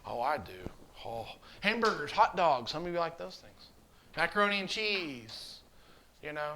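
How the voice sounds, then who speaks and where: A man's voice: a little high, sing-song, moderate pace, background noise. Coaxing man teaching children. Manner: coaxing, asks questions over and over. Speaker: communion class teacher. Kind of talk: children's catechism class. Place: church classroom.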